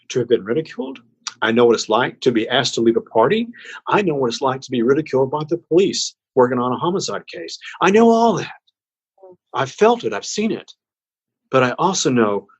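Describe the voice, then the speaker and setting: A man guest on an interview podcast giving a heartfelt spiritual message, slow and emphatic in an earnest, preaching way. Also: medium pitch, expressive, breathy edge.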